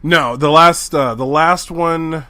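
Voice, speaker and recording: A man co-hosting a podcast in casual chat, excitable and laughing often as he talks. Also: a little high, takes it slowly, dry recording. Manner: excitable, laughs a lot while talking. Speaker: podcast co-host.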